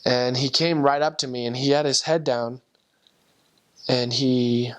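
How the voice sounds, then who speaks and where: A man's voice: mid-range voice, steady tone, a little slow, a bit bright. A young man, a former missionary, earnestly tells a personal conversion story and acts out the voices of the people in it. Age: young adult. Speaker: returned missionary.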